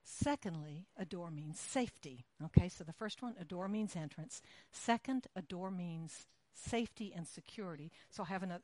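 A woman preaches a sermon in a lowish voice, reaching her point by way of a long narrative. Animated and conversational, she slips into the voices of the people she describes. The recording is close and dry, with no room sound.

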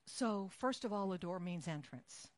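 Animated woman telling a sermon story. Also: fairly low pitch, unhurried, no room sound. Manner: animated storytelling, acts out quoted voices. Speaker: preacher.

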